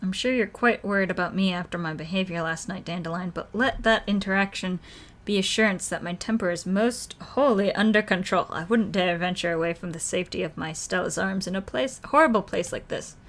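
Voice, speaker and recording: A woman's voice: lowish voice, fairly quick, a bit bright. A woman voicing a prim, formal talking cat that speaks in old-fashioned, polite phrases in a video game.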